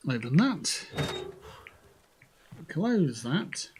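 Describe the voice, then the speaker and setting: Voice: medium pitch, big pitch swings, very slow, a little hiss or hum. A game streamer, chatting casually and jokily to themselves while playing, with plenty of swearing. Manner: chatty, profane, jokey self-talk while looting. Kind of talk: casual gameplay commentary.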